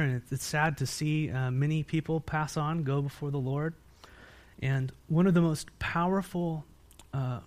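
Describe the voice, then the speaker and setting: Emphatic American pastor preaching. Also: male voice. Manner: asks the congregation questions and answers them himself; swings between loud emphatic peaks and quiet low-voiced stretches. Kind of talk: sermon.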